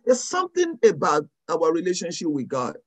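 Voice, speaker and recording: A woman's voice: deep voice, wildly swooping pitch, moderate pace, husky, poor audio. A woman pastor preaching and praying over a video call, impassioned, repeating phrases and often raising her voice. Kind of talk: fervent sermon and prayer.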